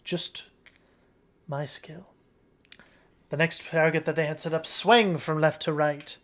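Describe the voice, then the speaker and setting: A game master narrating a tabletop game in a relaxed storytelling manner. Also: mid-range voice, moderate pace. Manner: relaxed storytelling, with occasional restarts.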